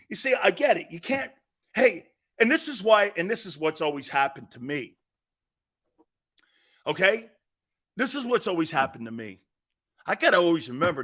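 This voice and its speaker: A man's voice: high-pitched, fairly bright tone. A man hosting a sports talk show, ranting with emphatic, combative opinions and repeating himself for emphasis.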